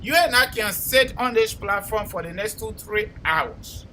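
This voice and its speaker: A man with a Liberian accent hosting a call-in talk show, speaking forcefully and combatively, often repeating words as he presses his point. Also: sits high, unhurried, slight background noise, rough recording.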